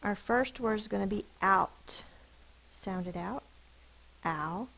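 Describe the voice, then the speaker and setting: A woman teacher giving a phonics spelling lesson, sounding out words slowly and deliberately over a screen recording. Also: mid-range voice, creaky, fairly bright tone, poor audio.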